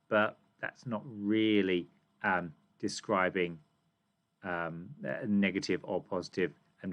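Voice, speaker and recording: A British man teaching a reading comprehension lesson to children, asking questions and reading lines aloud with emphasis. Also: on the low side. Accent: British English. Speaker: primary school teacher.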